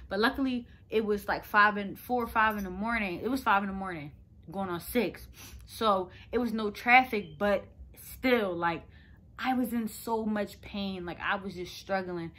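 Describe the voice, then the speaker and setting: A woman's voice: mid-range voice, sharp tone. A young woman telling a personal story to her viewers in a chatty, rambling way. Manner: chatty, rambling, lots of "like" fillers. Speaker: vlogger. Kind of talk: casual storytelling to camera.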